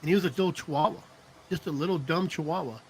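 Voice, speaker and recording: A man's voice: fairly high pitch, quick pace, breathy edge. A middle-aged man telling rambling stories in casual chat, laughing often and checking in with "you know what I mean". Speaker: podcast co-host.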